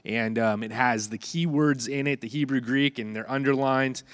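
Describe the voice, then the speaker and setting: A man's voice: medium pitch, fairly even intonation, normal speed, smooth, dry recording. A man, in his thirties, preaching a chatty, conversational sermon with a stuffy nose and many fillers and restarts. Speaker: pastor.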